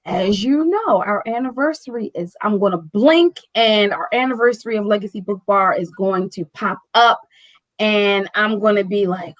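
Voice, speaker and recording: A woman who owns a bookstore, telling a story in casual chat, animated and full of "like" and "right?". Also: medium pitch, normal speed, dry recording, low-quality recording. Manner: animated storyteller, acting out quoted dialogue; fills speech with "like" and "right?". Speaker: bookstore owner.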